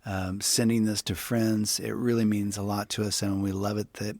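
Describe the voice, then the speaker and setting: A man's voice: fairly low pitch, flat delivery, moderate pace, darkish tone, no room sound, clean studio sound. A man co-hosting a podcast, talking through faith ideas in a reflective, casual way and often restarting his thoughts. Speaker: podcast co-host.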